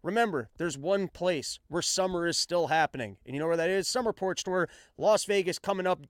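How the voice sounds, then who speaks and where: A man's voice: high voice, a little fast, few pauses, no room sound, studio quality. A man who is a stand-up comedian hosting his own show, talking in a casual, rambling, self-mocking monologue with stumbling restarts. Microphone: self-filmed on action camera.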